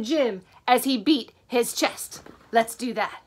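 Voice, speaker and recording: A woman teacher reading a picture book to children in an animated way, stopping to ask them questions. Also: a little high, takes it slowly, slightly rough.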